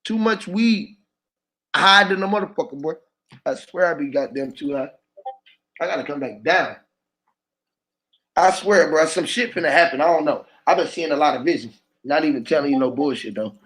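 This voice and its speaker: A man's voice: a little high, moderate pace, pauses often, fairly bright tone. A man freestyling in a loose stream of rhyming wordplay, then chatting casually and cursing often. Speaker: host. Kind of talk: freestyle rap and rambling chat. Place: indoors, sitting.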